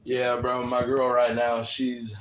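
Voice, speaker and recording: A man's voice: mid-range voice, completely flat delivery, takes it slowly, a bit bright. Casual livestream host, a man, slangy and profane, echoey room with faint noise behind. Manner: profane, slangy, calls listeners bro.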